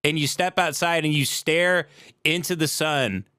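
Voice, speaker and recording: A man's voice: a little high, measured pace, sharp tone, clear, resonant tone, no echo. A young adult man, a comedy podcast host, delivering a sarcastic, profane, worked-up comedic rant.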